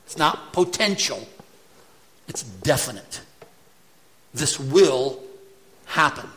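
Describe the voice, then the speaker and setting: A male pastor preaching a sermon in a slow, deliberate rhythm. His voice is bright and forceful, and he drives his points home with emphatic rhetorical questions. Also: medium pitch, poor audio.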